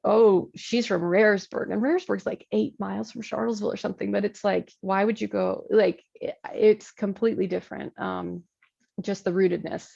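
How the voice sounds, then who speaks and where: A woman's voice: medium pitch, fairly even intonation, a little fast, gravelly, dark tone, breathy edge, lo-fi sound. A woman in her thirties from Michigan, a Lutheran pastor, talking casually in an interview, chatty, with frequent laughs and many fillers.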